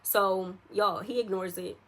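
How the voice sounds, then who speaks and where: A young woman in the middle of a casual storytime, her voice sitting at an ordinary pitch. She chats loosely and talks straight to her viewers, with plenty of slang. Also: fairly even intonation, measured pace. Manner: chatty, addresses viewers directly, slangy. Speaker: vlogger telling a story.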